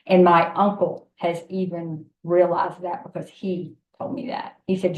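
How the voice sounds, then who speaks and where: Low-voiced woman, emotional and emphatic, on a call from an echoey room. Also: little pitch movement, measured pace. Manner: emotional, emphatic, repeats words. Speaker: member introducing the speaker. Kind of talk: heartfelt introduction on a group call. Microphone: video call.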